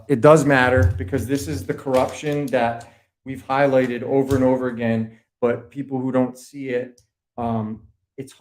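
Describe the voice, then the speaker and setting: A man's voice: mid-range voice, a little mellow. A man with a Boston accent, a podcast guest lecturing in a rambling, profane way during a casual video call chat. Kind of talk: casual conspiracy-history chat.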